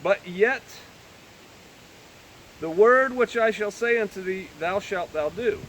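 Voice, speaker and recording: A high-pitched man with a bright, sharp voice reads old scripture aloud. He keeps stopping to add joking, offhand comments in plain modern speech, like a Bible teacher talking to a small group. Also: lively intonation, slow pace, a little hiss or hum. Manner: reads old-fashioned scripture, then breaks in with joking everyday asides. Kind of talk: scripture reading with casual commentary.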